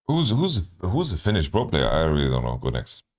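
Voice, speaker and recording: A man's voice: extremely low pitch, wildly swooping pitch, fairly quick. A man streaming, thinking aloud as he guesses team rosters from player nationalities, often repeating words. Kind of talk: casual stream commentary.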